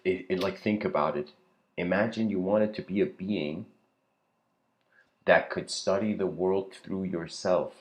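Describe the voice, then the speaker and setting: Deep-voiced man musing in a lecture. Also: muffled recording. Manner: musing, casual asides, frequent throat clearing. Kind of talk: reflective spoken lecture.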